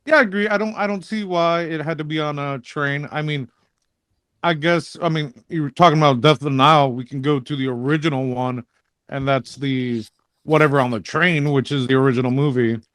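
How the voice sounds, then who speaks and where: A man's voice: fairly high pitch, fairly even intonation, brisk, fairly bright tone, dry recording, clean studio sound. A man co-hosting a podcast, giving offhand, hesitant opinions about a movie in casual chat. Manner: offhand, hesitant, many ums and whatevers. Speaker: podcast co-host.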